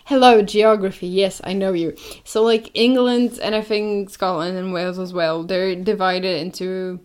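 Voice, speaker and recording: A young woman co-hosting a podcast, chatting casually and sarcastically, with animated delivery and mocking impressions. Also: mid-range voice, normal speed, clear, resonant tone. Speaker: podcast co-host. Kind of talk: casual chat.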